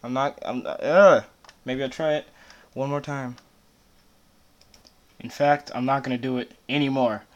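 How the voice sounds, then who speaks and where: A man's voice: medium pitch, steady tone, a little slow, pauses often, highs cut off. A man chatting between takes of his own rap song in a studio, weary and self-mocking as he rambles. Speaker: amateur rapper recording takes.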